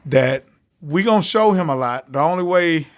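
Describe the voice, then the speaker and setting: A man's voice: on the high side, expressive, normal speed. A man, a comedian guest, telling a story in a podcast interview, acting out other people's lines with big jumps in his voice. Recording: slightly dull lo-fi audio.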